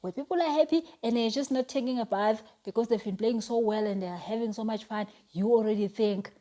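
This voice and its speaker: A woman's voice: a little high, brisk, mellow. A young woman speaking as a life coach, giving an earnest, chatty motivational talk with frequent restarts and fillers.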